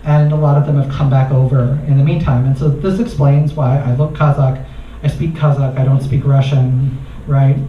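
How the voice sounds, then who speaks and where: A man's voice: medium pitch, normal speed, few pauses, a little hiss or hum. Man telling a comic story. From United States. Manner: animated, laughs at his own story. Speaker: researcher doing stand-up. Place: live comedy venue. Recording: distant, roomy, muffled live recording.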